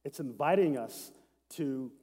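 A man preaching a sermon as a pastor, earnest and self-deprecating, reading scripture slowly and prayerfully. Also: medium pitch, lively intonation, mellow. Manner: earnest, laughs at himself, slows down to read prayerfully. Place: church sanctuary with seat backs. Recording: long hall reverb.

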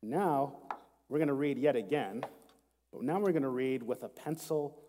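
A man preaching a sermon as a pastor, earnest and self-deprecating, reading scripture slowly and prayerfully. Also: mid-range voice, dark tone, a little hiss or hum. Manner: earnest, laughs at himself, slows down to read prayerfully. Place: church sanctuary with seat backs. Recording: long hall reverb.

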